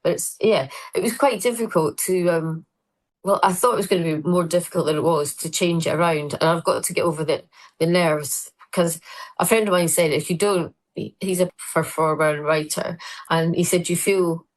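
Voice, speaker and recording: A woman's voice: on the low side, steady tone, normal speed, rough recording. A middle-aged woman, a comedian, chatting casually and telling rambling, self-deprecating stories. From Scotland. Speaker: comedian guest. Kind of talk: casual chat.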